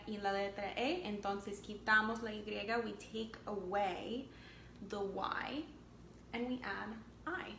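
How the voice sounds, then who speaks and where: A woman teaching an English lesson, speaking slowly and deliberately, repeating each word and translating it into Spanish. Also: fairly high pitch, a bit bright. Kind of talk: slow bilingual language lesson. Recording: echoey room with faint background noise.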